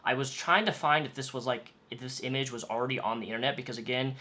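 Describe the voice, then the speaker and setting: A man's voice: medium pitch, fast, bright, forceful tone. A man narrating a commentary video in a conversational, pointed tone with light sarcasm. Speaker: YouTube commentator.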